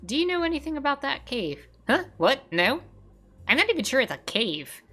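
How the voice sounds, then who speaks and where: A woman's voice: high-pitched, very animated, normal speed, faint music behind, pitched above the performer's own voice, full character voice. A woman voicing a small, fussy creature that guards its shells, speaking in dramatic, defensive outbursts while reading a game's lines. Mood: smug. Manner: dramatic, defensive, bursts of loud alarm.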